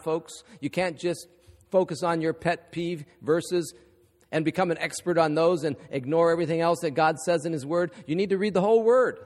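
A middle-aged man preaching a sermon as pastor, emphatic and driving to calls for agreement. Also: on the high side. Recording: echoey hall.

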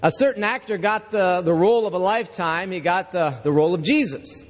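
A man's voice: high-pitched, a little fast. Storytelling male pastor in a church hall. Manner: conversational, storytelling, asks the congregation. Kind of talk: sermon with scripture reading and joke.

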